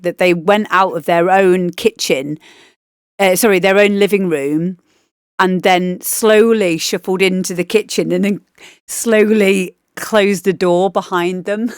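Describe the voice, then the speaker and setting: A woman DJ host chats casually on a stream, rambling and laughing as she reviews demo tracks. Her medium-pitched voice has a clean tone, recorded with clean, echo-free studio sound.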